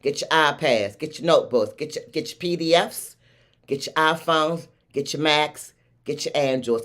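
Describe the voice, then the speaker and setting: Woman, Baltimore accent, talk show host, effusive, hyped livestream intro. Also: low-pitched. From Baltimore, USA. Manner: effusive, hypes up her audience.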